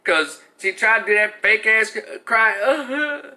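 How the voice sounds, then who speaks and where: A man's voice: high voice, unhurried, pushed and bright. A man giving a heated, blunt and profane opinion rant, talking in an exasperated way. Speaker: commentator.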